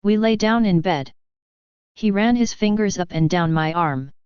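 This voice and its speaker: A woman narrating a novel in the first person as an audiobook reader, with slow, even storytelling. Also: mid-range voice, clean tone, no echo. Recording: slightly dull, dry close recording.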